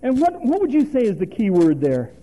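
A man's voice: extremely high pitch, wildly swooping pitch, brisk, dark tone, rough recording. A male preacher giving a folksy, conversational sermon, quizzing the congregation and chuckling often.

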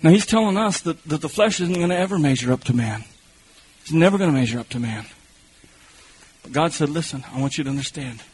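A man preaching a sermon, telling animated stories with shouted bursts and laughter, his voice husky. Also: a little high, brisk, long pauses, poor audio.

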